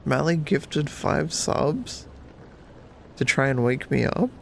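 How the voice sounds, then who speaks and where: A freshly woken man streams to his chat in a heavily gravelly, creaky morning voice, with his nose blocked. He talks slowly and drowsily, in a fairly high register. Now and then he breaks into giggles and squeaky cheers. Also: lively intonation, a bit bright, slight background noise. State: groggy morning voice. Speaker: livestreamer.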